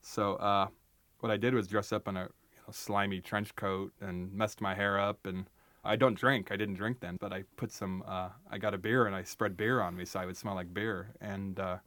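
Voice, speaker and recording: A man's voice: lowish voice, steady tone, moderate pace, fairly bright tone, no room sound. A young adult man from the United States, a writer talking as an interview guest in an emphatic, wry, storytelling way with frequent restarts. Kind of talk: animated conversational interview.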